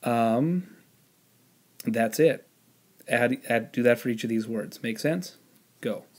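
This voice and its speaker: A man teaching a spelling lesson, explaining the rules patiently step by step and pausing on the odd "um". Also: mid-range voice, a little mellow. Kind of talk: spelling lesson with classroom instructions.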